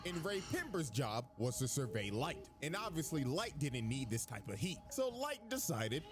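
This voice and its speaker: Animated man narrating a comedy recap. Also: fairly high pitch, normal speed, hardly any pauses. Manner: animated, crude, joking. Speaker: commentary narrator. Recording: narrated video with background music.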